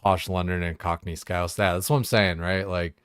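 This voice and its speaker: A young man with a deep, low voice chats casually while he plays a game. His talk rambles, packed with fillers and swearing. The recording is close and dry. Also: little pitch movement, moderate pace, a bit bright, clear, resonant tone, no echo. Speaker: game streamer. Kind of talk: casual chat while gaming.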